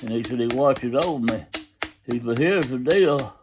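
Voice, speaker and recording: A man's voice: mid-range voice, normal speed, background noise. A man telling a story in a folksy, casual way, constantly retelling what others said. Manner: folksy drawl, retelling quotes with "he said".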